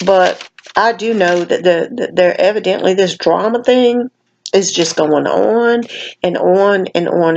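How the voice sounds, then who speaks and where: The recording is rough with slight background noise as a tired woman with a fairly low voice rants casually about another channel. Her vlogger commentary is folksy and emphatic, a bit slurred, with plenty of "honey" and "baby."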